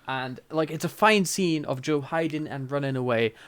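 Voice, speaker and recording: A man's voice: on the high side, normal speed, fairly bright tone, smooth. A man co-hosting a podcast, chatting casually with frequent laughs while recapping a TV episode. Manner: chatty, laughs often, many fillers. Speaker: podcast co-host.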